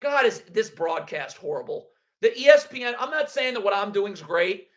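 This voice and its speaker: A man's voice: high-pitched, very animated, normal speed, few pauses. A man hosting a live basketball draft reaction stream, blunt and sarcastic as he rants. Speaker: basketball livestream host.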